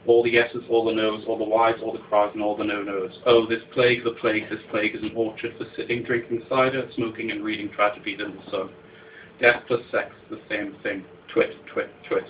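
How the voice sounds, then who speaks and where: A man's voice: on the low side, flat delivery, a little fast, slight background noise. A man performing his own poetry live in a dramatic, incantatory way, repeating refrains, on a muffled recording. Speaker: poet.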